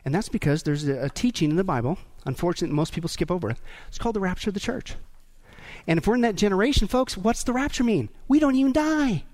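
A man preaching a sermon in an animated way, rising to shouts at the climaxes. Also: high-pitched, fast talker. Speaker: pastor.

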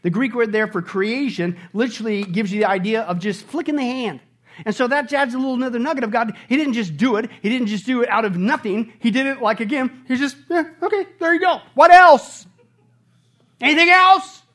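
A middle-aged male pastor preaching a sermon, animated and often shouting on his high points. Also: fast.

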